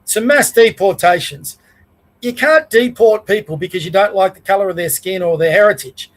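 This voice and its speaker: A man's voice: high voice, normal speed, rough recording. A middle-aged Australian man giving a rambling, plain-spoken political rant as the host of his own show. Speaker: podcast host.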